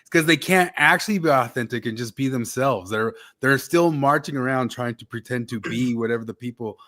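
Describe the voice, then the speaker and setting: A man's voice: medium pitch, fairly quick, sharp tone. A man hosting a casual political chat, rambling along and sometimes losing his train of thought. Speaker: podcast host.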